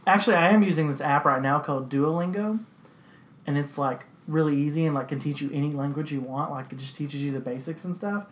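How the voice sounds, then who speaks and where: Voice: mid-range voice, fairly quick. Chatty friend, full of fillers. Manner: chatty, lots of filler words, mocking quotes. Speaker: friend in casual conversation. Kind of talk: casual chat among friends.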